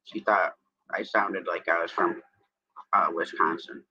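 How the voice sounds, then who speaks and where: Slow, bright-voiced upstate New York man. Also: low-pitched, fairly even intonation, husky, highs cut off. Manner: rambling and chatty, greeting viewers between stories. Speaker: live stream host. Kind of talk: casual morning live-stream chat.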